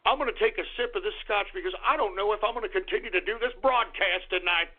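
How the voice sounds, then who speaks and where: A man hosting a radio show, ranting angrily, swearing and swinging between low grumbling and shouting. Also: fast. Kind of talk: ranting call-in radio talk. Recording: tinny phone-like radio recording.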